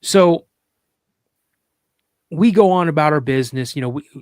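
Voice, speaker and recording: A man's voice: on the high side, moderate pace, darkish tone, smooth, no room sound, studio quality. A man, a podcast guest, telling a story in casual chat, rambling with restarts and fillers and acting out other people's lines in a raised voice.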